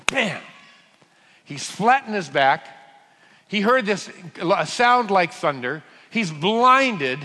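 Lively, joking preacher in a hall. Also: male voice, high-pitched. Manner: humorous, storytelling, frequent restarts, sudden loud bursts. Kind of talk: sermon. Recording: long hall reverb.

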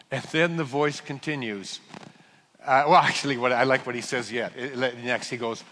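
A man preaching a sermon, telling the story with jokes, restarts and sudden loud bursts. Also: medium pitch, normal speed. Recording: long hall reverb.

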